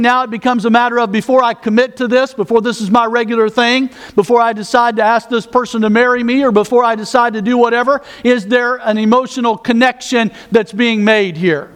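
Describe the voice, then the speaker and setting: High-voiced man preaching a sermon. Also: a bit bright, smooth. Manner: conversational, with self-mocking asides and repeated words. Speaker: pastor.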